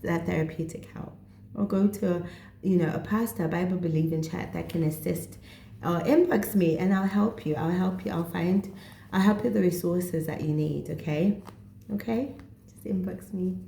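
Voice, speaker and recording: A woman's voice: fairly low pitch, gravelly, dark tone, reverberant, slight background noise. A woman in her thirties with a Setswana accent, talking to camera in an earnest, chatty way as a mental health vlogger. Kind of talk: casual direct-to-camera talk.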